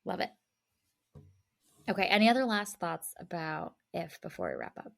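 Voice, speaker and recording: A woman's voice: lowish voice, wildly swooping pitch, normal speed, vocal fry, a bit bright. A woman co-hosting a film podcast, chatting casually, laughing often and reading the show's sign-off. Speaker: podcast co-host. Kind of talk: casual chat.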